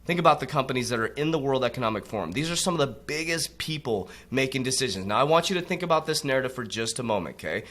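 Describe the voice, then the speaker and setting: Bright-voiced preachy motivational man. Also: animated, quick pace, few pauses. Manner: preachy, repeatedly addresses listeners as warriors; drops low and quiet on tag words. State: coughing from allergies. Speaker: crypto motivational coach. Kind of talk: motivational monologue.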